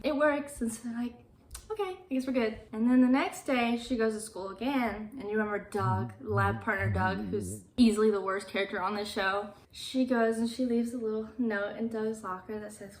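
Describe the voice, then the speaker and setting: A woman's voice: fairly high pitch, a bit bright. A woman retelling a film's plot in a casual, chatty way, quoting the characters as she goes. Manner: chatty, quotes characters with "she's like", laughs now and then. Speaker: movie recap vlogger. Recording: roomy echo.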